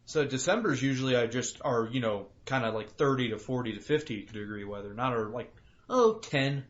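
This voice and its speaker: A young Colorado man co-hosts a podcast, chatting casually with plenty of swearing as he acts out his car and other drivers. His medium-pitched voice is lively and fairly quick, on dull lo-fi podcast audio.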